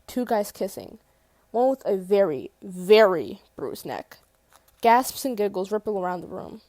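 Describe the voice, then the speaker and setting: A woman's voice: medium pitch, animated, measured pace, warm tone, dry recording. A woman reading a first-person novel aloud in a casual way, correcting her slips and swearing at them. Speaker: audiobook reader.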